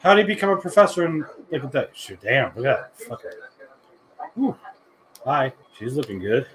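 A man's voice: mid-range voice, very animated, normal speed, fairly bright tone, slight background noise. A man co-hosting a podcast, giving a crude, joking running commentary while watching a film. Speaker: podcast co-host. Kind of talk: casual movie watch-along chat.

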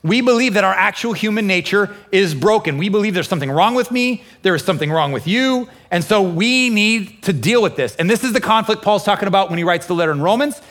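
A pastor preaching a lively sermon, acting out inner voices and quoting scripture with feeling. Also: male voice, high voice, fast talker, hardly any pauses. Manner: animated, acts out inner voices and quotes. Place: church, also streamed online.

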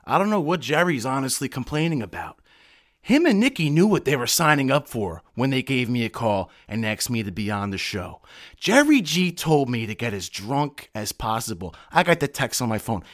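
A man's voice: medium pitch, very animated, moderate pace. A young man from the United States, a guest on a podcast, telling stories in a brash, boisterous way full of swearing. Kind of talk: casual podcast storytelling.

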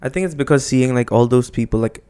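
Smooth-voiced young man chatting casually. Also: mid-range voice, quick pace, dark tone. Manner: rambling, filler-heavy, self-deprecating. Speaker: podcast co-host, newlywed husband. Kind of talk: casual chat.

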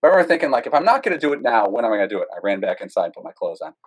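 A man being interviewed, telling a story in a casual, animated way with lots of fillers and self-mocking asides. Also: mid-range voice, very fast, husky, rough recording. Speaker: guest.

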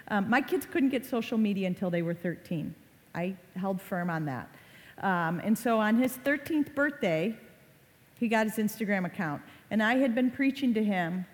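Woman, 40s, storyteller, acts out quotes, mid pitch, echoing hall. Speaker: speaker on online reputation. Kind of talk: talk to a live audience. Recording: reverberant hall.

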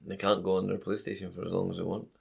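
A man's voice: sits low, completely flat delivery, racing, creaky, slightly rough, dull audio. A young man co-hosting a podcast in a laid-back way, laughing often and dropping crude asides. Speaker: podcast co-host. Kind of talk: casual podcast banter.

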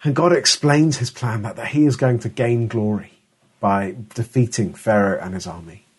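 A man's voice: fairly low pitch, moderate pace, husky. A middle-aged man preaching a sermon in an earnest, emphatic way, often restarting his words.

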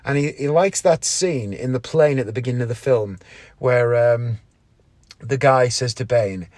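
A man's voice: medium pitch, a little slow, a little mellow, no room sound. A man hosting a podcast, talking in a rambling, chatty way with frequent ums and asides. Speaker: podcast host and variety magician. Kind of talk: casual podcast monologue.

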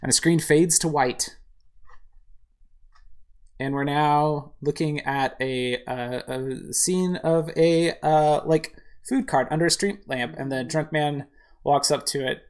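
A woman's voice: sits low, fairly even intonation, slow pace, a little mellow. A woman narrating a video game playthrough in a casual way, describing the screen with fillers. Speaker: game streamer. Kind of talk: casual let's-play narration.

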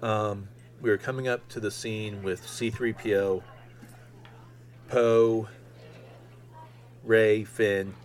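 A man around fifty talks alone into his podcast mic, pitched slightly low. He rambles with eager fan excitement, full of ums and restarts. It sounds like a casual, unscripted monologue. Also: normal speed, few pauses. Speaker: podcast host.

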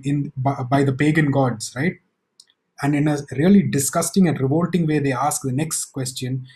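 A man preaching a sermon, reading scripture aloud slowly and emphatically, then explaining it in a conversational way with frequent asides. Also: medium pitch, a little mellow, low-quality recording. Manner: slows and lifts his voice to read scripture aloud.

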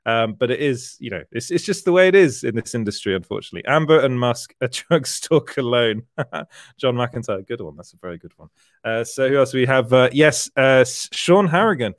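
A man hosts a relaxed livestream, chatting through viewer comments and laughing often as he rambles. His voice sits at an ordinary middle pitch, and the sound is dry and close, with no room echo. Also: fairly quick. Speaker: livestream host, entertainment journalist. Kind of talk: casual livestream chat reading viewer comments.

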